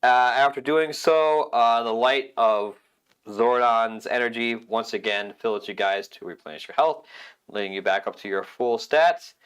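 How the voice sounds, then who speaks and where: A man narrating as game master of a tabletop game, relaxed and hesitant with fillers. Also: medium pitch, unhurried, smooth.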